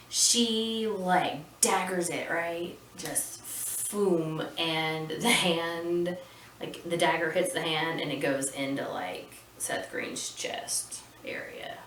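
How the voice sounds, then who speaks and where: A woman's voice: low voice, slow, fairly bright tone. A woman hosting a casual movie recap, chatty and rambling, with opinionated asides. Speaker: podcast host recapping a film. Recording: roomy and distant with faint noise.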